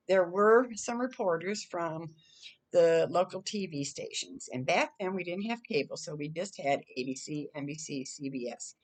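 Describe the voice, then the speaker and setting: An older woman from the Chicago area telling a story from her past in a casual, chatty way, acting out her own quoted lines. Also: on the low side. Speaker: storyteller vlogger.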